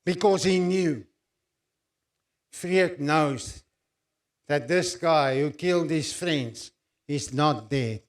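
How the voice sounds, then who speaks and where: A man with a South African accent preaching a sermon and telling his own testimony, speaking slowly and intensely with emphatic pauses. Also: on the high side.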